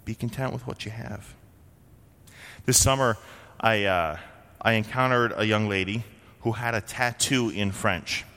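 A man's voice: lowish voice, unhurried, long pauses, bright, forceful tone, big-room sound. A man from Vermont preaching a sermon as a pastor, in a conversational way with frequent rhetorical questions. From Vermont, USA.

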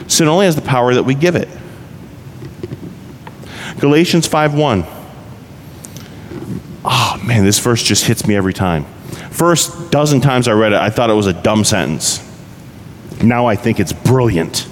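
A man's voice: mid-range voice, lively intonation, moderate pace. A pastor preaching a conversational sermon, asking his listeners rhetorical questions. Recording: reverberant hall, faint background noise.

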